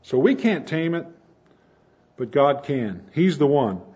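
A man preaching a sermon in an earnest manner, building to emphatic points and dropping soft again. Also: fairly high pitch, big pitch swings, slow pace, husky, highs cut off.

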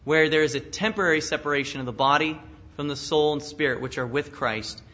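A man's voice: a little high, a little fast, bright, forceful tone. A pastor preaching an expository sermon in an earnest manner, asking questions and chuckling at his own asides. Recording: dull lo-fi sound.

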